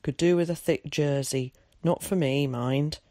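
A reader voicing a gruff, kind old countryman who speaks tersely in rural dialect, in an audiobook. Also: medium pitch, steady tone, unhurried, mellow, dry recording, clean studio sound, lightly acted. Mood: curt. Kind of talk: audiobook character voice.

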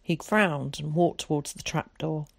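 A woman narrating an audiobook in a calm, measured way. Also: low voice, gravelly, dry recording.

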